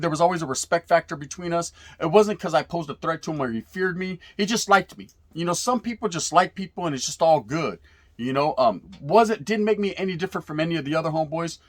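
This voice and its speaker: A man's voice: fairly high pitch, lively intonation, quick pace. Laid-back man spinning street stories. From California. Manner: laid-back street slang with Spanish words mixed in, frequent profanity and "right?" tags. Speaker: storyteller recalling youth prison days. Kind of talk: casual storytelling.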